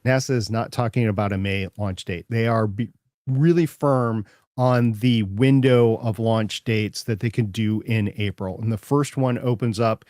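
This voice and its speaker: Host role: man from Minnesota, chatty and rambling, middle pitch, dry sound. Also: darkish tone, dry recording. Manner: chatty, rambling with repeated starts. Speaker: podcast host. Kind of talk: casual chat.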